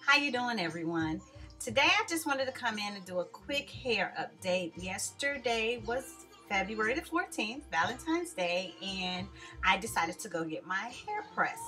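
A woman's voice: mid-range voice, very animated, moderate pace, sharp tone, soft background music. A woman chatting casually about her hair in a home vlog, friendly and rambling. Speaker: beauty vlogger.

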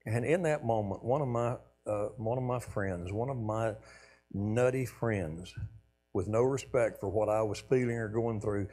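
A man speaking as a guest preacher, telling an earnest personal story in a sermon and often dropping to a soft hush. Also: on the low side. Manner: earnest storytelling, trailing off softly at key lines. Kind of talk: sermon testimony.

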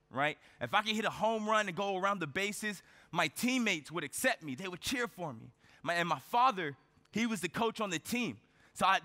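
A man's voice: high voice, sharp tone. A man giving a motivational keynote speech on stage, telling a personal story with rhetorical questions and frequent checks of "right?". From United States. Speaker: keynote speaker. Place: large event hall on stage. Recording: reverberant conference hall.

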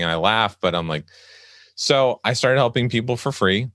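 Podcast host, man, thirties, very low voice, animated storyteller who acts out his own quotes. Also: moderate pace, dry recording, studio quality. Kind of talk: casual interview conversation.

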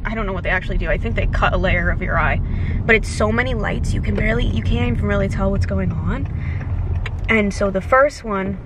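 A young woman in her twenties chatting to her vlog camera after eye surgery, telling the story in a lively way and acting out what people said, woozy and carsick in a car. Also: mid-range voice, a little fast. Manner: chatty, animated storytelling with acted-out quotes. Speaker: vlogger. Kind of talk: casual vlog chat. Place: in a car, also outside a clinic. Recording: clear background noise, street and car.

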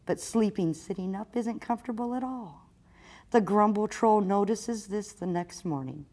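A woman's voice: mid-range voice, moderate pace, darkish tone. A woman children's librarian reading a picture book aloud expressively for storytime.

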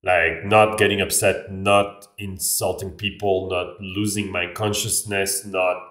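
Brief: French-accented man, casual vlog, rambling delivery, lowish voice, roomy echo. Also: flat delivery, measured pace, fairly bright tone. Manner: rambling, restarts phrases, frequent "like". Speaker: vlogger. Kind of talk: casual talk to camera. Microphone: camera. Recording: echoey room, voice a bit far off.

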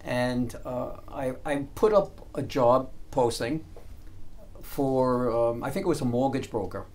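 A man's voice: mid-range voice, measured pace, darkish tone. A man hosting a business talk show, telling a rambling personal anecdote in a casual way. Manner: rambling anecdotal storyteller with restarts. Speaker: radio show host. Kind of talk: casual storytelling.

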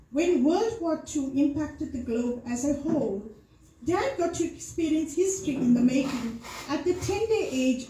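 Lady in her middle years giving a eulogy, emotional, slow careful words, faint hum behind. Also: high-pitched, dark tone. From South Africa. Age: middle-aged. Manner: emotional, earnest, carefully measured delivery. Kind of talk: prepared memorial speech. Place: temple hall. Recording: echoey hall sound.

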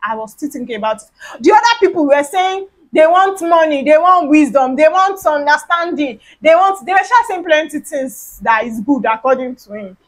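A woman with a Nigerian accent, a vlogger telling a lively story from her childhood and acting out the dialogue with big swings in pitch. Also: moderate pace, low-quality recording. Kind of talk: storytime vlog.

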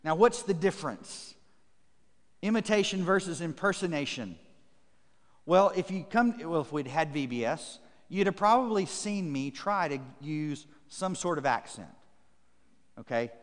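In a reverberant church sanctuary, a male pastor delivers a sermon in a fairly high, animated, slightly slow voice. He reads scripture aloud to the congregation with an emphatic, repetitive preaching cadence.

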